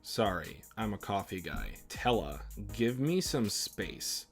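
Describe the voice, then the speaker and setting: A man's voice: lowish voice, big pitch swings, takes it slowly, soft background music. A man hosting a manga reaction, reading the character dialogue aloud and breaking off into chatty remarks.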